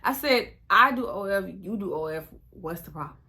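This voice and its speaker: A woman, animated and sassy, acting out the back-and-forth of a conversation. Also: mid-range voice, normal speed. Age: 20s. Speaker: vlogger. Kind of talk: storytime vlog.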